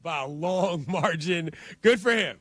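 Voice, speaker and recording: A man's voice: high-pitched, animated, unhurried, a bit bright, no room sound. A man hosting a sports talk radio show in an upbeat, joking way.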